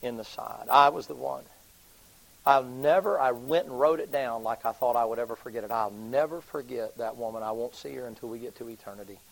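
A man preaching, telling a story in a sermon. He swings from hushed, low passages to loud, high, excited ones. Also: quick pace, few pauses, low-quality recording.

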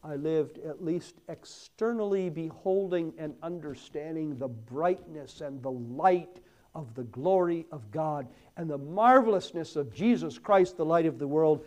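A man's voice: a little high, a little slow. A man preaching a sermon, swelling hard on key words and then dropping almost to a whisper. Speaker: pastor.

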